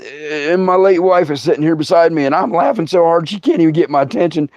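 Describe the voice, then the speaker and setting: A middle-aged man, hosting a comic storytelling livestream, laughing through his tale and breaking into loud outbursts. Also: a little high, fast talker, no room sound. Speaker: comedian host. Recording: dull, dry sound.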